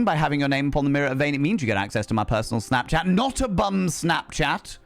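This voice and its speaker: Theatrical man with a lively, gravelly voice. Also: fairly high pitch, fast, few pauses, soft background music. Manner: theatrical, camp, grandiose flourishes. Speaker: streamer and cabaret host. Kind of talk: flamboyant live-stream chat.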